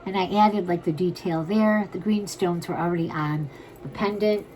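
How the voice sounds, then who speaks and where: A woman's voice: fairly low pitch, moderate pace, darkish tone, a little hiss or hum, low-quality recording. A woman casually chatting as she shows and prices jewelry for sale at home, rambling and full of "like". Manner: chatty, rambling, says "like" a lot. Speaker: jewelry seller. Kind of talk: casual live sales chat. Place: home room crowded with items.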